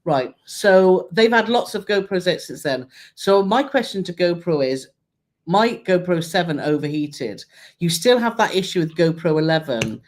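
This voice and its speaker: A woman's voice: lowish voice, expressive, moderate pace, darkish tone. Chatty British woman hosting a live chat. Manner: chatty, laughs often, reads out viewer comments. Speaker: co-host of a travel channel live stream. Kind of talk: casual live-stream chat.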